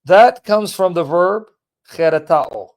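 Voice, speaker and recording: A man hosting a live stream, lecturing a caller in a heated, forceful way. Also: sits high, slow pace. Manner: forceful, lecturing, berating chat commenters. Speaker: livestream host. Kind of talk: heated live teaching and chat.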